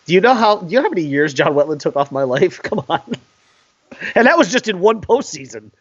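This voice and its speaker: A man's voice: high-pitched, a little fast, breathy edge, dry recording, dull audio. A man in his forties co-hosting a casual sports podcast, telling stories with lots of laughs. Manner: animated storyteller, laughs often. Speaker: podcast co-host.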